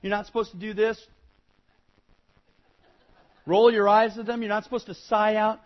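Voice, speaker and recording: A high-pitched man delivers a children's Bible lesson, emphatic and insistent, often repeating himself for effect. He livens it up by mimicking whiny kids. The recording sounds dull and lo-fi. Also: normal speed. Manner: animated, acts out whiny kid replies; repetitive, emphatic admonishing. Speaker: Bible teacher addressing children.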